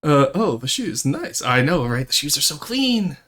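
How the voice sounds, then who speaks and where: A man's voice: on the high side, very animated, normal speed, bright, forceful tone. A young man from Ontario, chatting casually on a live stream, reading chat and switching between English and French with frequent laughs. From Ontario, Canada.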